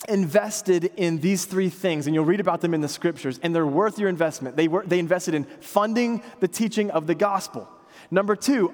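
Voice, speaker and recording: Pastor, male, 30s; light high voice, chatty sermon delivery with self-mocking humor, church hall with long echo. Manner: conversational storytelling preacher, self-deprecating humor. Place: church sanctuary.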